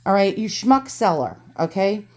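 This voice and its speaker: A medium-pitched, sing-song voice at normal speed belongs to a New York woman who hosts an antique channel. Casually unboxing antiques at home with dogs, she rants and swears, then flips to cheerful, chatty talk in seconds.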